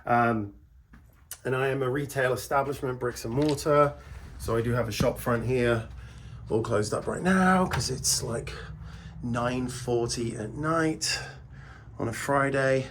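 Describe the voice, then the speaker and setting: A man's voice: medium pitch, a little slow, slight background noise. A man from England with an English accent, a video transfer shop owner talking bluntly and chattily in a casual vlog from his shop at night. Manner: blunt, chatty, ranting asides.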